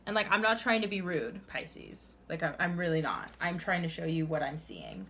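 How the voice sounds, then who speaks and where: A woman's voice: sits low, lively intonation, moderate pace, fairly bright tone, a little hiss or hum. A young woman doing a tarot reading to camera, earnest and chatty, sighing now and then between cards. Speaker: tarot reader.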